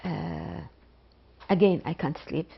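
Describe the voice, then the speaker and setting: A middle-aged woman from Iraq, a biology professor speaking slowly and haltingly in an interview, with pauses and repetitions. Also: deep voice, creaky, husky. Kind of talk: interview testimony. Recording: dull lo-fi interview recording.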